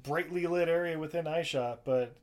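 A man's voice: on the high side, moderate pace. A man casually recapping a film on a podcast, rambling and swearing, often acting out the characters' lines. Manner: rambling, profane, acts out quotes. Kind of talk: casual chat.

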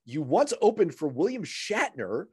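Lively, joking male radio host. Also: a little high, slightly rough, dry recording, clean studio sound. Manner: animated, jokey, quick asides. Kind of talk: casual interview chat.

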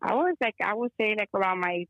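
Talking fast and animatedly in a mid-range, slightly bright voice, a guest healer tells a long, rambling story over a call. She mixes in Spanish words and uses many fillers, and the call audio is dull and lo-fi.

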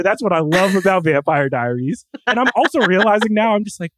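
A man co-hosting a casual pop-culture chat, excitable and acting out quotes with the odd swear word. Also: sits high, fairly quick, hardly any pauses, no echo, poor audio. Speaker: podcast co-host.

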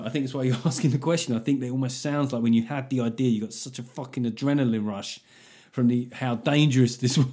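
A man with a British accent hosting a comedy podcast, reading listener letters in a jokey, sweary, casual way. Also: mid-range voice. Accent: British English. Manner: sweary, jokey, animated, laughs often. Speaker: podcast host.

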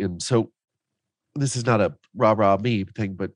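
A man's voice: on the low side, a little slow, no echo. A man guesting on a podcast, telling his story in a heartfelt way, at times close to emotional. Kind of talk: casual interview chat.

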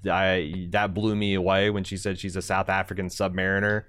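A man co-hosting a podcast in casual chat, rambling with halting restarts. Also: sits low, little pitch movement, a bit bright, smooth, no room sound. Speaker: podcast co-host.

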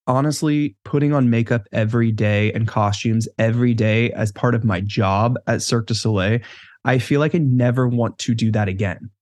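Male podcast co-host, casual and upbeat, mid pitch, dry close sound. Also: normal speed, darkish tone, no echo. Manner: chatty, upbeat, laughs often.

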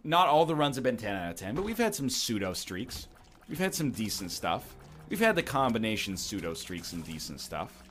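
A man's voice: on the low side, sing-song, brisk, fairly bright tone, faint music behind. Wry rambling man commenting on gameplay. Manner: wry, meandering, jokey asides.

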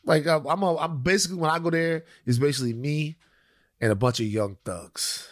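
A man's voice: on the high side, a little fast, no echo, clean studio sound. A man co-hosting a podcast in casual chat, rambling and joking, repeating phrases for laughs. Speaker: podcast co-host.

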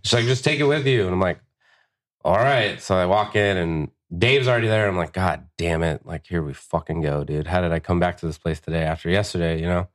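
A man's voice: low-pitched, quick pace. A young man telling a long, profanity-filled story on a podcast, acting out the lines of the people in it. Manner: profane, animated storyteller who acts out quotes. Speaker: guest tattoo artist.

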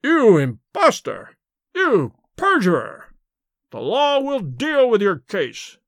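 A man voicing a furious scheming executor who screams his accusations slowly. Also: high-pitched, wildly swooping pitch, fairly bright tone, dry recording, clean studio sound, pitched above the performer's own voice, heavily acted. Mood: enraged. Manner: screaming, slow and biting. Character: furious middle-aged executor, a scheming villain.

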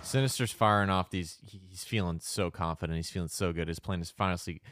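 A man's voice: low-pitched, fast, fairly bright tone, dry recording, clean studio sound. A man co-hosting a podcast, recapping a cartoon with joking, wry asides. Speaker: podcast co-host. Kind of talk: casual episode recap.

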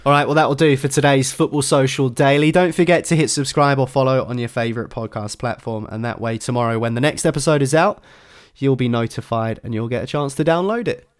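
A man hosting a sports podcast, previewing fixtures in a steady, brisk presenter style. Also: mid-range voice, clear, resonant tone, dry recording, clean studio sound. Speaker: podcast host.

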